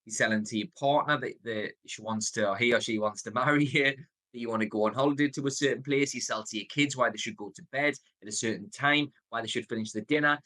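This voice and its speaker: A man in his thirties with a Geordie accent, giving a motivational sales coaching talk, stressing words, pausing on purpose and shifting his pace. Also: medium pitch, sharp tone. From North East England. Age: 30s. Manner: varies tone and pace, deliberate pauses, emphatic.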